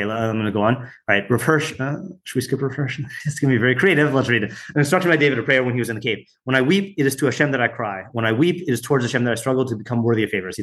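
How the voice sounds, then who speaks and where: A man's voice: medium pitch, fairly bright tone. A man teaching a weekly Bible study class, reading translations aloud and stopping often with fillers and side remarks. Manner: reads translations, stops often with fillers and asides.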